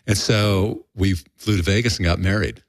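Older man, low pitch, dry recording, candid interview guest, rambling, profane. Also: fairly even intonation, normal speed, no room sound. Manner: rambling, blunt and profane, acts out quotes.

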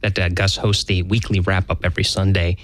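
A man with a fairly low voice co-hosts a casual podcast chat. He rambles and hesitates, stacking up fillers. The recording is dry and close. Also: level tone, a little fast, no room sound. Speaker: podcast co-host.

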